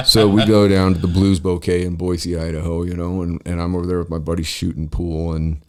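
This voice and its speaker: A man's voice: low voice, little pitch movement, a little fast, a crowd in the background. A man in his forties telling a rambling, profane story in casual chat, full of fillers and restarts. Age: 40s. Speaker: podcast host.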